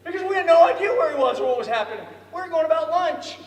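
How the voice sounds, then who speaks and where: A man with a strikingly high voice spins a lively story, acting out voices and breaking into laughter. He is heard from a distance in a large, echoing hall, with a faint murmur behind him. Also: rapid-fire, a little hiss or hum. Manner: animated, acts out voices, laughs often. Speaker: storyteller speaker. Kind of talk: storytelling speech. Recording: echoey hall from far off.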